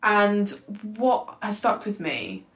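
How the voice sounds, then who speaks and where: A young woman co-hosting a podcast in a casual, animated chat, full of "like" and quick asides. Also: medium pitch. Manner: animated, excitable, lots of "like". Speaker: podcast co-host. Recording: echoey room.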